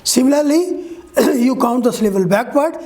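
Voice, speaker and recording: This English teacher speaks in a high, animated, mellow voice at a moderate pace. In her online lesson on pronunciation, she lays out the rules step by step, spelling out letters and checking with "Okay?"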